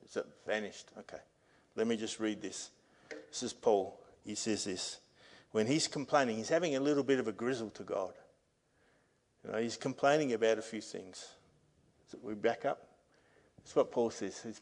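Guy preaching at church, mid-pitched voice, earnest, gets loud n emphatic. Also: normal speed. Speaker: pastor. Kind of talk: sermon. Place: church service. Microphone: microphone.

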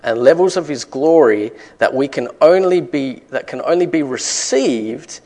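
Brief: male preacher, middle pitch, emphatic sermon delivery with rhetorical questions. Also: expressive, a little slow, dark tone. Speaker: pastor.

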